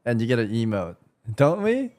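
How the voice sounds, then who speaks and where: A man's voice: mid-range voice, moderate pace. A man chatting casually on a live stream, reacting to a video, talking to chat and swearing as he gets worked up. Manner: excitable, swearing, talks to chat, rises into loud outbursts.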